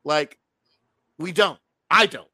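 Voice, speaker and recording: A man's voice: a little high, slow, dry recording. A man co-hosting a movie review show, talking casually and animatedly, swearing freely. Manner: animated, swearing, mocking voices in quotes. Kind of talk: casual chat.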